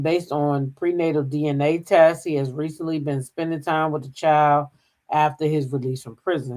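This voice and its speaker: A woman hosting a gossip channel, talking casually, humming fillers and reading news aloud. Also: deep voice. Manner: chatty, drawn-out filler hums, reads news aloud. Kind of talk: casual commentary.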